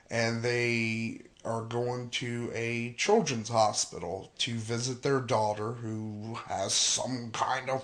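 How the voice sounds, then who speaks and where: A man's voice: mid-range voice, fairly bright tone. A young man with an ordinary mid-range voice, talking casually as he recaps a film preview. He swears constantly and works himself up into exasperated rants. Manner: profane, ranting, heavy swearing. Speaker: gaming and movie vlogger.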